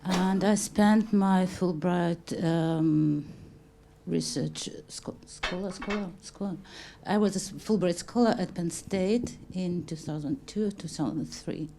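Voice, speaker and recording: Woman, low gravelly voice, brief research-director intro. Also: slow, warm tone, slight background noise. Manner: stumbling over words. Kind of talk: self-introduction.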